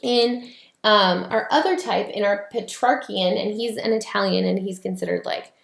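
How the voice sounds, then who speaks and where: A woman teaching an online class, explaining at an easy pace with plenty of fillers along the way. Her mid-range voice has a gravelly edge. The sound bounces around an echoey room. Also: medium pitch, normal speed. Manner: casual, explanatory, many fillers.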